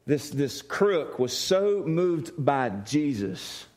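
A man's voice: a little high, sing-song, extremely slow, a little mellow. A man preaching a sermon, telling a story and acting out the voices in it. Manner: storytelling, acts out voices with laughter. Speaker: pastor.

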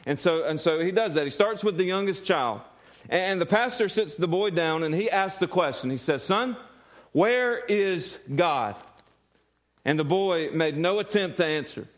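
A man's voice: on the high side, moderate pace. A male pastor preaching a sermon earnestly, often repeating words and putting questions to the congregation.

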